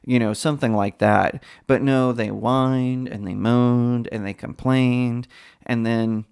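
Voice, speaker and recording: A man's voice: mid-range voice, fairly even intonation, takes it slowly, gravelly, darkish tone, clean tone. A man giving opinionated solo commentary in a scornful, mocking way, rambling with many fillers. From United States. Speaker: political commentator.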